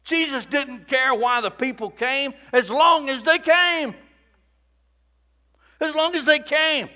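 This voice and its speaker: A male pastor preaching a sermon in a repetitive cadence, rising to shouts and dropping to near-whispers. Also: very high voice, slow pace.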